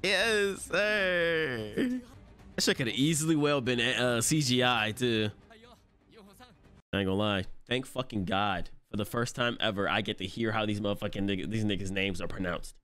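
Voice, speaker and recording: A young man hosting an anime reaction video, talking in excitable, slangy, profane bursts, often laughing and yelling. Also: on the low side, fairly quick, soft background music. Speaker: anime reaction channel host.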